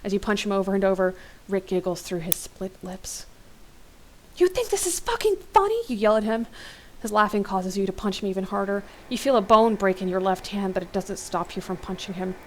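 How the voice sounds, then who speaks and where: A woman host reading an interactive horror novel aloud, steady narration with exclaimed asides. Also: medium pitch, brisk. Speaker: let's play host.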